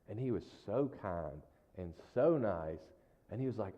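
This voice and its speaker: A man preaches in a loose, folksy storytelling way, checking in with the congregation as he goes. His voice sits on the low side. The recording is dull and lo-fi, with a long reverb from a large hall. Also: animated, normal speed, dark tone. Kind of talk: casual storytelling sermon.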